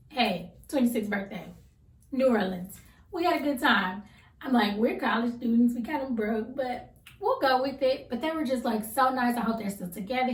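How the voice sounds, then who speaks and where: A woman in her thirties chatting casually to camera, telling a rambling story with relaxed slang. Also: fairly high pitch. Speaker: vlogger. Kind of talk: casual get-to-know-me chat. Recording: roomy sound from a distance.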